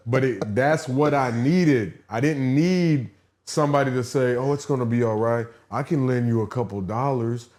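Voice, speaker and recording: A man's voice: mid-range voice, a little slow. Candid man telling stories on a podcast. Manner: candid, animated storyteller. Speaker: podcast host. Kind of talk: casual podcast chat.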